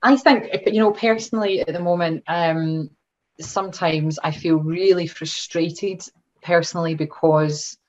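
A Glaswegian woman with a notably low voice talks casually as a podcast guest. She tells stories animatedly, breaking into laughter. The recording sounds dull and lo-fi. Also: unhurried. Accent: Glaswegian Scottish. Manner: lively, animated storytelling with laughter. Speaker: guest, language teacher. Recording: dull lo-fi audio.

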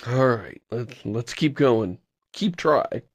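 A man's voice: medium pitch, expressive, slow, no echo. A man co-hosting a podcast in casual chat, rambling and wry, with an exasperated edge. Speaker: podcast co-host.

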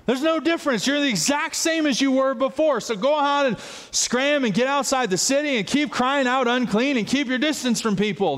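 A man preaching a sermon as pastor, telling a story with lively acted-out voices and laughter. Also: high-pitched, big-room sound. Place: church sanctuary.

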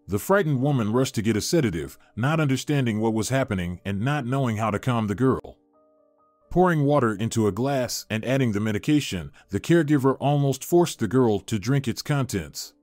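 A man narrating a dramatic family story in an even, measured storytelling manner. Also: mid-range voice, no room sound. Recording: dry voice with faint music.

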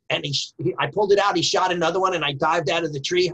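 A middle-aged man, a martial arts instructor and guest, telling stories from his training in an emphatic, animated way. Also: fairly high pitch, fast talker, husky, rough recording. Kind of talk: storytelling conversation.

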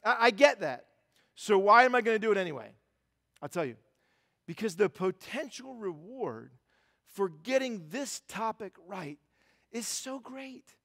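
A man's voice: sits high, lively intonation, a little slow, long pauses, fairly bright tone, in a large hall. A man preaching a sermon as pastor, conversational and self-deprecating, with lots of fillers and restarts. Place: church sanctuary.

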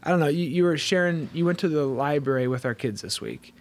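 A man's voice: on the high side, a little fast. A man in his thirties co-hosting a casual faith podcast, an eager storyteller who goes off on tangents. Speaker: co-host.

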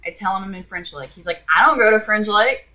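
A woman's voice: mid-range voice, fast, pushed and bright. A woman vlogger telling an exasperated, sarcastic story to her viewers in a casual rant. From Indiana.

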